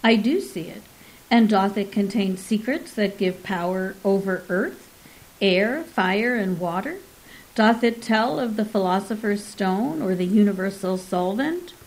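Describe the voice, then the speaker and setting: A boastful male conjurer from Elizabethan times, declaiming in old-fashioned speech at a slow, deliberate pace, as a woman reading a story puts him on. The delivery is commanding. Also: medium pitch, natural voice, poor audio. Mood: eager. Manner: archaic, declaiming.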